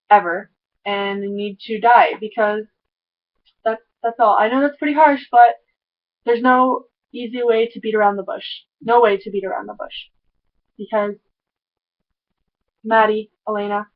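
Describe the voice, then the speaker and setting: A woman giving an excitable, rambling recap of a TV episode, full of "like" and tangents. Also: a little high, dull audio. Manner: excitable, rambling, heavy use of "like". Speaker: TV episode reviewer. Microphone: camera mic.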